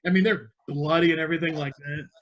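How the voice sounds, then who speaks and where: A man hosting a podcast, telling stories in an excitable, swearing, casual banter style. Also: fairly high pitch, quick pace, dull audio. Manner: excitable storyteller, swearing freely. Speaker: podcast host.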